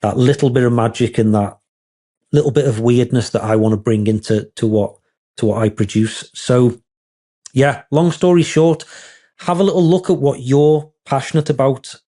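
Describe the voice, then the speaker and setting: A man's voice: mid-range voice, normal speed, mellow. A man, a wedding photographer being interviewed, talking in a rambling, candid, self-deprecating way.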